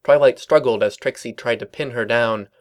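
A man narrating a storybook reading in a dry, even storytelling manner. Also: medium pitch, normal speed. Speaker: reader.

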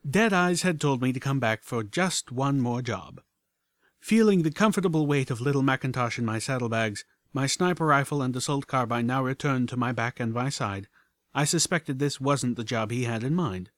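A man narrates a storybook audiobook in a steady, measured way. His voice sits at middle pitch, dry and close to the mic. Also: no room sound.

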